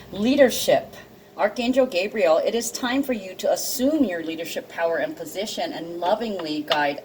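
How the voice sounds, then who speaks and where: A woman with a lowish voice reads oracle cards in a casual chat to her viewers, getting teary and sniffling as she goes. She laughs easily and swears freely, and a faint hum of room noise sits under her voice. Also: darkish tone, rough recording. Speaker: intuitive card reader. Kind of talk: casual tarot card reading.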